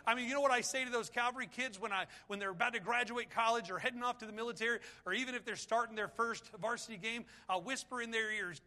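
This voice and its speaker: A male pastor preaching with a high, bright voice. He asks rhetorical questions and pleads with his listeners, building to intense appeals. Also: quick pace, hardly any pauses. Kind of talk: sermon.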